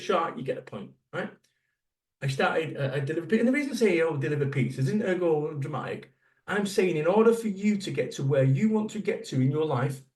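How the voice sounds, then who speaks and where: A fifties man delivers a motivational keynote, blunt and sweary and firing rhetorical questions at the crowd. His voice sits a little high for a man. It carries from a distance in an echoey hall. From Salford, England. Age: 50s. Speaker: motivational speaker.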